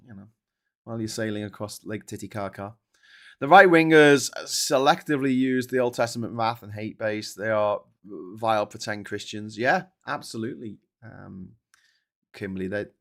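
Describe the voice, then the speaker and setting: A man hosting a live news commentary show, sweary and ranting, with enthusiastic digressions as he reacts to viewer chat. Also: fairly low pitch. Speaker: host.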